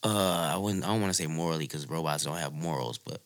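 A man co-hosting a casual podcast chat, asking long, winding questions with an animated delivery. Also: rumbling low, fast talker. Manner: animated, questioning, laughs often.

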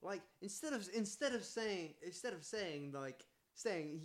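A young man from Scotland chatting as a podcast guest, swearing freely and bursting into shouts. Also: high voice, expressive, normal speed. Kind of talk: casual chat.

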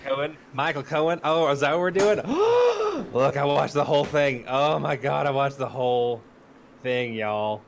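A man's voice: mid-range voice, fairly even intonation, moderate pace, vocal fry, slight background noise. A man co-hosting a casual podcast over a video call, talking emphatically and swearing freely. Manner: emphatic, profane, exclamatory. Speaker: podcast co-host.

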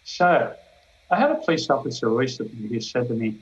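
A man's voice: mid-range voice, animated, fairly quick. An older man preaches in an earnest, emphatic way, drawing on stories from his work as a police chaplain. His voice sits in an ordinary middle range, and the recording sounds a little dull and lo-fi. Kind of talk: devotional talk.

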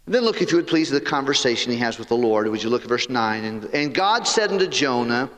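A man preaching a sermon as pastor, animated and talking straight to his congregation. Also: medium pitch, quick pace, hardly any pauses, big-room sound.

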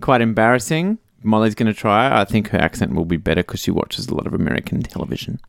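A man's voice: lowish voice, lively intonation, fast talker, vocal fry, no echo, clean studio sound. A middle-aged Australian man co-hosting a casual podcast, joking and reading out listener messages. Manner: jokey, reads out listener messages. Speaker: podcast co-host. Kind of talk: casual chat.

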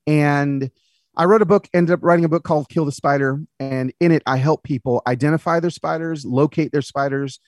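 A man's voice: fairly high pitch, fairly even intonation, fairly quick, darkish tone, dry recording, clean studio sound. A man in his thirties, a podcast guest and author, telling personal stories in conversation and acting out the people he quotes. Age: 30s.

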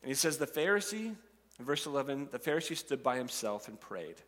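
A man preaching a sermon, animated and acting out the voices of the characters and the crowd. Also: mid-range voice, a little fast, long reverb tail. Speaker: pastor.

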